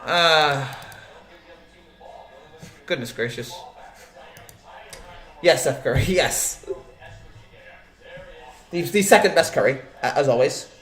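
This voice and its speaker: A man's voice: a little high, slow pace, long pauses, fairly bright tone, reverberant. A man hosting a casual live sports show, rambling and joking as he answers the chat, with many restarts and fillers.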